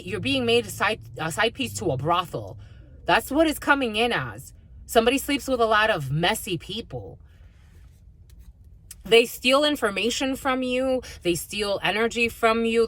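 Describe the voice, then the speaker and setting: A woman spiritual channeler speaking straight to her viewers in an energy reading. Her voice sits in an ordinary middle pitch for a woman. She talks in a blunt, profane, rambling way, often breaking off and restarting her sentences. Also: a bit bright. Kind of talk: direct-to-camera energy reading monologue.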